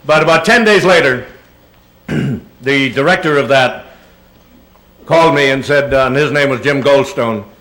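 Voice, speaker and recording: An older man giving an animated, anecdotal talk to an audience, slipping into voices as he goes. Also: medium pitch, a little slow, long pauses, low-quality recording. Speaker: guest speaker. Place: auditorium presentation.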